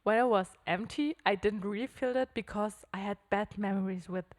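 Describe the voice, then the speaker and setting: Speaking at a normal pace with a medium-pitched voice, a young woman co-hosts a relaxed podcast conversation in English. German is her native tongue, so she frequently hunts for the right word.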